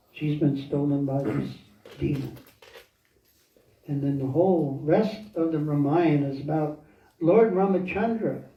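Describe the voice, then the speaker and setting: A fairly high-voiced man tells a devotional story at a slow, unhurried pace. He pauses often to hunt for words and chuckles along the way. He sounds roomy and a little dull, as if heard from a distance in a temple hall. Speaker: temple speaker. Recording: echoey, dull, from far off.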